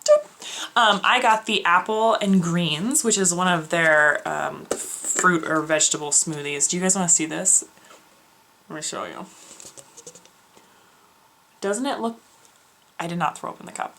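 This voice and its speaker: A young woman telling a story in a casual vlog, animated, with lots of fillers and restarts, acting out the voices of others. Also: fairly low pitch, measured pace, creaky, pauses often, a little hiss or hum. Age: young adult. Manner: frequent filler words and self-corrections. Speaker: beauty vlogger.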